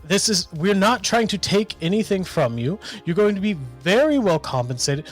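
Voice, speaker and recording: A man's voice: high-pitched, lively intonation, moderate pace, faint music behind, pitched above the performer's own voice. A man voicing a pushy, formal businessman pressing a family to sell. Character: smooth pushy male bank businessman.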